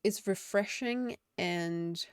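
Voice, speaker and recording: A woman's voice: medium pitch, takes it slowly, clean tone, no echo. A woman game streamer chatting casually and reflectively on a live stream, often laughing.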